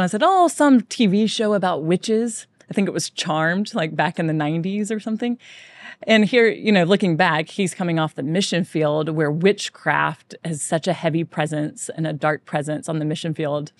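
Woman podcast host, earnest conversational monologue, lowish voice, dry recording. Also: dry recording. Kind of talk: faith-based podcast monologue.

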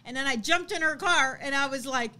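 A woman in her thirties co-hosting a casual chat, telling a story in an animated way and laughing as she acts out what people said. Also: sits high, fairly quick. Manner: animated, laughs while acting out quotes. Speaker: co-host.

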